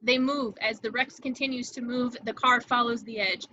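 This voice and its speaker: Brief: female narrator, dramatic stage-direction reading, bright, slightly high voice, dry, muffled lo-fi mic, amateur table read. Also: fairly even intonation, moderate pace, dry recording.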